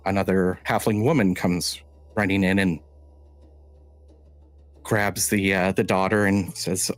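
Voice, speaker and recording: Deep-voiced guy running a tabletop game, slow halting storytelling, dry close sound. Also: steady tone, no room sound, soft background music. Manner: halting, measured storytelling with restarts. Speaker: game master.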